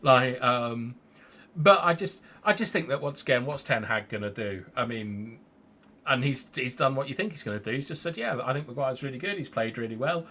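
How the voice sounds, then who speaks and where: A man's voice: medium pitch, lively intonation, normal speed, bright, forceful tone. A man co-hosting a casual fan show, giving strong opinions in a rambling way. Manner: opinionated, rambling, restarts sentences. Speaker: fan channel co-host.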